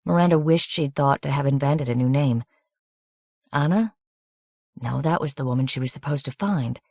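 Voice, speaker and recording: A woman narrating an audiobook in an even, measured, scripted reading on a close studio microphone. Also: rumbling low, dry recording.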